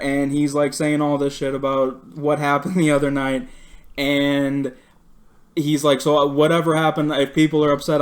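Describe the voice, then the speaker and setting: A man on a podcast retelling a workplace blowup, swearing freely and laughing as he goes. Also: mid-range voice. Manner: profane, animated, laughs while retelling. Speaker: podcast co-host. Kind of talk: casual storytelling chat.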